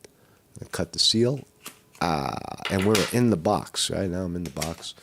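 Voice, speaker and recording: Hoarse low-voiced man rambling on a live stream. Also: expressive, measured pace, noisy background. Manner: rambling, with many fillers and restarts. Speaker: vlogger doing a live at-home test. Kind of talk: casual live stream talk.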